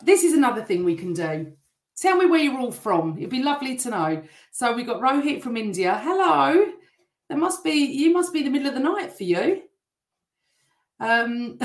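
A middle-aged woman hosting a live stream, chatting and greeting viewers by name while reading their comments, her voice still a little rough. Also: a little high, echoey room.

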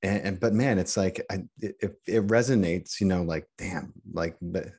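A middle-aged man talking as a podcast guest in casual chat, halting and restarting often. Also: low-pitched, a little mellow, slightly rough. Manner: halting, many restarts and repeated words.

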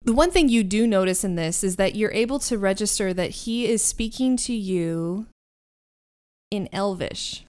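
Smooth-voiced woman running a tabletop game. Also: mid-range voice, moderate pace, darkish tone. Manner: descriptive, laughs often. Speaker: game master.

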